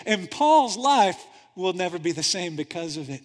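Brief: male pastor, high-pitched, lively sermon storytelling in a long-reverb hall. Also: unhurried, few pauses. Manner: animated storytelling, swinging from hushed to loud.

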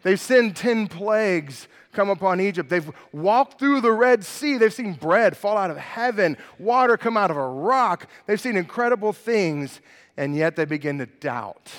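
Animated high-voiced preacher in a reverberant hall. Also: male voice, a little slow. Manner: animated, quizzing the congregation. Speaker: pastor. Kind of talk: sermon.

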